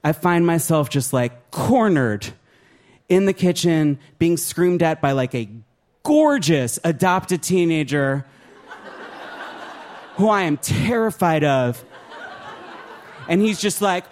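A man doing a stand-up set, self-mocking and shouting his punchlines. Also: on the high side, animated, slow, pauses often. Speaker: stand-up comedian. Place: live comedy show before an audience.

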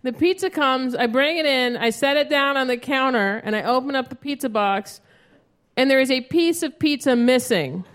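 High-voiced woman doing stand-up. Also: moderate pace. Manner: animated storytelling, acts out her own yelling. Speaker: stand-up comedian. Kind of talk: stand-up comedy set. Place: live comedy stage with an audience. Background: audience laughter.

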